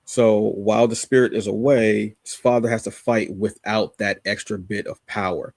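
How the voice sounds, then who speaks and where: A man's voice: lowish voice, fairly even intonation, moderate pace, gravelly, a little mellow, no echo, clean studio sound. A man co-hosting a podcast, casually reviewing a comic with rambling enthusiasm, many fillers and restarts.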